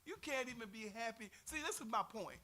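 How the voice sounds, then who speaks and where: Texan Bible teacher, middle-aged man, high bright voice, folksy and earnest, teases the class. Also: a little hiss or hum.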